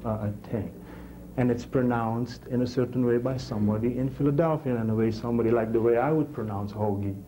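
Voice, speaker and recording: A man teaching a technical class in a classroom, halting and repeating words as he explains and checking in with the class. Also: mid-range voice, mellow, slight background noise, poor audio. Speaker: instructor.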